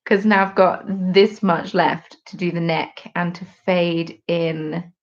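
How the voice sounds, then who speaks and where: A woman's voice: fairly low pitch, steady tone, slow pace, lo-fi sound. A woman hosting a knitting podcast live, chatting casually and rambling while she knits and reads out viewer comments at home. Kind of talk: casual live-stream chat.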